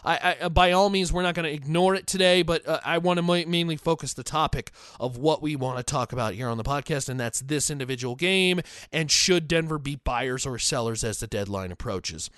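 A man's voice: a little high, fairly quick, few pauses, fairly bright tone, clear, resonant tone, dry recording, studio quality. A man hosting a sports podcast, giving blunt opinions and reading out fan comments with frequent restarts. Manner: opinionated, digressive, repeats himself. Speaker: podcast host.

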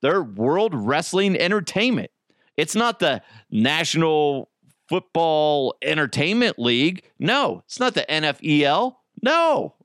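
A man's voice: a little high, big pitch swings, measured pace, fairly bright tone, no room sound, studio quality. A man hosting a solo podcast, ranting profanely and mocking his targets. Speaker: podcast host.

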